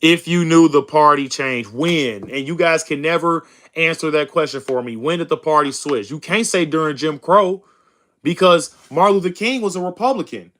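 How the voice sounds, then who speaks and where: A young man reading chat on his political stream speaks on the high side, at normal speed and a bit bright. He's combative and mocking, saying bro and dude often, in heated, casual commentary.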